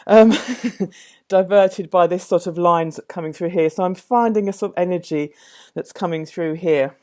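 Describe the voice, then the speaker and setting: A woman demonstrating a watercolour painting, musing aloud as she works, with many pauses and self-corrections. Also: on the low side, mellow. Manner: thoughtful, musing, full of fillers and self-corrections. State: slightly out of breath at times. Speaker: art teacher.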